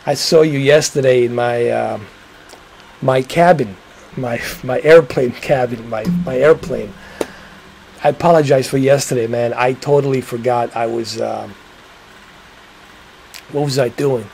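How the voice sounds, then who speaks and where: A man's voice: medium pitch, unhurried, creaky, long pauses, darkish tone, slight background noise, rough recording. A man hosting a livestream, chatting casually and rambling to his viewers, swearing now and then. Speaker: livestream host.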